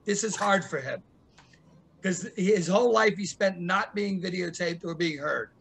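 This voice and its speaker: A man hosting a casual interview, chatty and quick to laugh, often jumping in with his own comments. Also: sits high, creaky, fairly bright tone, breathy edge. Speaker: host.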